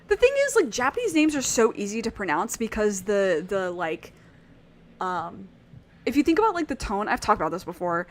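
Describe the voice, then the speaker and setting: A woman streaming a video game, chatting in a rambling, animated way and swearing freely. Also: medium pitch, normal speed, long pauses. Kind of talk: casual gameplay chat.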